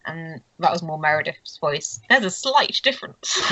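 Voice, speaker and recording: A woman running a tabletop game in a casual, giggly way. Her voice is bright and forward. The recording is close and dry. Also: deep voice, lively intonation, unhurried, no room sound, rough recording. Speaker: game master.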